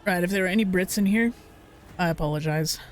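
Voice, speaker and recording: A woman's voice: on the low side, fast. Chatty joking woman streamer. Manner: chatty, joking, swears, reads game text aloud. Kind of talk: casual let's-play commentary.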